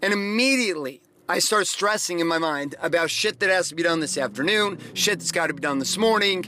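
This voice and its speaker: A man's voice: high voice, expressive, fairly quick, pushed and bright. A middle-aged man hosting a podcast, telling profane, rambling stories in a casual motivational monologue. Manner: profane, rambling, emphatic storytelling. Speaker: podcast host.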